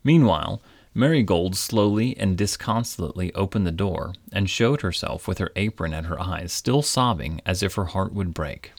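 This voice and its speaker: A man reading a storybook aloud in a measured, old-fashioned, gently wry manner. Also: sits low, dry recording. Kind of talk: storybook narration.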